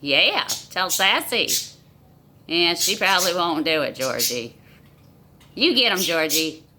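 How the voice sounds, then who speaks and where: A woman's voice: lowish voice, sing-song, takes it slowly, bright, forceful tone, a little hiss or hum. Coaxing woman talking to her pets. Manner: coaxing, sing-song baby talk to animals. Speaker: pet owner. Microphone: phone camera.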